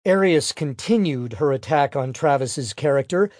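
A man's voice: fairly high pitch, animated, moderate pace, darkish tone, no echo, studio quality. A man narrating a true-crime audiobook in a plain, matter-of-fact reading.

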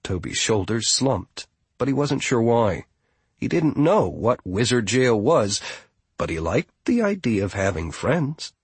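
A man narrating a storybook in a measured, wry manner. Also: mid-range voice, very animated, husky, no room sound. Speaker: audiobook narrator. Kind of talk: scripted narration.

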